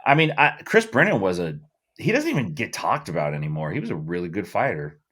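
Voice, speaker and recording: A man's voice: low-pitched, wildly swooping pitch, a little fast, a bit bright, husky. A middle-aged man co-hosting a podcast in loose, profane casual chat, full of fillers. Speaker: podcast co-host.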